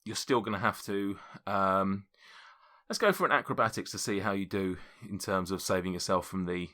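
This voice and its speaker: A man narrating as game master, chatty and quick to laugh. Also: deep voice, pushed and bright. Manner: chatty, laughing often, casual swearing.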